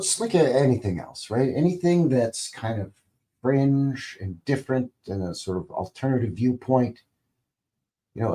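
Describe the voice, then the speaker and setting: A man's voice: on the low side, mellow. A man hosting a live stream, talking casually in a rambling, conversational way, full of "you know" and "right?".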